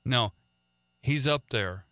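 A man's voice: mid-range voice, slow, bright, forceful tone, no room sound. A man preaching a radio sermon in an earnest way, often repeating words and restarting sentences.

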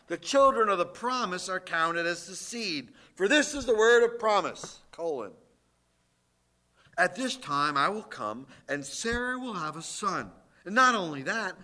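A male pastor preaching a sermon, reading scripture and stressing points with sudden swings from loud to quiet. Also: sits high. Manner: emphatic, slow preaching with dramatic swings in loudness.

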